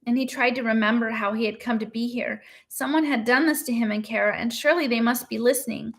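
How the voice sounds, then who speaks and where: A woman reading a novel aloud in a steady, measured narration. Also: fairly high pitch. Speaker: reader.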